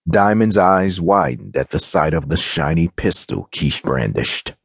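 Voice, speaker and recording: A man narrating an audiobook in an expressive, dramatic way, on a close microphone. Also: deep voice, a little slow, gravelly, slightly rough, no echo.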